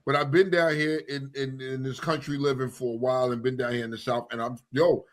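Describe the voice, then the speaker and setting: A man from New York City co-hosting a radio talk show, bantering in an animated, slangy way and cutting in to tease his co-host. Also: mid-range voice, brisk. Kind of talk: casual banter.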